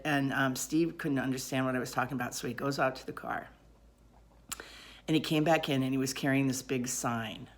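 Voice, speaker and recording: Low-pitched woman recounting a personal story, lively and rambling, frequent ums. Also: moderate pace. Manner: animated, rambling retelling with many fillers. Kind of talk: personal story told aloud.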